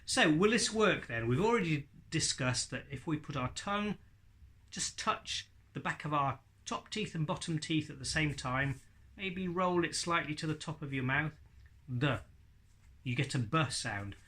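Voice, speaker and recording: A man's voice: fairly high pitch, expressive, moderate pace, pushed and bright. A man teaching ventriloquism in a casual video lesson, chatty and laughing often as he demonstrates sounds.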